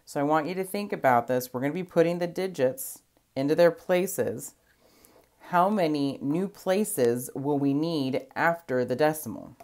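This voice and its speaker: A woman's voice: deep voice, a little slow, darkish tone. A woman teacher explaining a math lesson patiently, step by step, counting places aloud.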